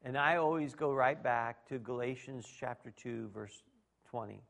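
A man's voice: mid-range voice, moderate pace, vocal fry, fairly bright tone. A man preaching a sermon as pastor, talking in a folksy, conversational way and asking the congregation rhetorical questions.

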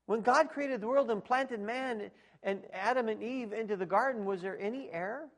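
Man, sermon, high-pitched, emphatic, quiet asides, shouted peaks. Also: normal speed. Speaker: pastor.

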